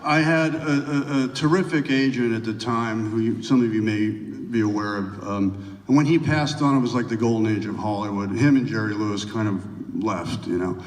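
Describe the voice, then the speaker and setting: A man being interviewed on stage at a large venue, telling rambling anecdotes and breaking into animated impressions. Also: on the low side, normal speed. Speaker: guest actor. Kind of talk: onstage interview. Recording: roomy hall, distant mic.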